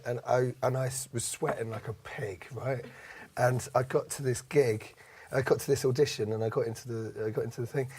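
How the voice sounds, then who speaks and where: A man's voice: medium pitch, a little mellow. A man telling a comic story in casual chat, rambling with many fillers and restarts, swearing and laughing along. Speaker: comedian guest.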